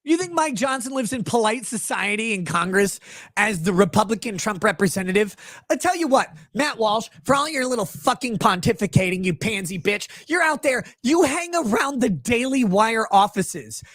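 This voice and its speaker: A man hosting a reaction show, ranting angrily and mockingly, swinging between shouts and mutters. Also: sits high, expressive, moderate pace, no room sound, clean studio sound. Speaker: host reacting to clips. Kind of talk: profane reaction rant.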